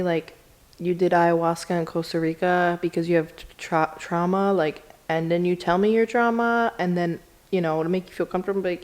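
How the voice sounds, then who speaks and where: A young adult woman telling a story in a casual vlog, chatty and profane, acting out quoted lines. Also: a little mellow. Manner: chatty, swears a lot, acts out quotes in a higher voice. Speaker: vlogger.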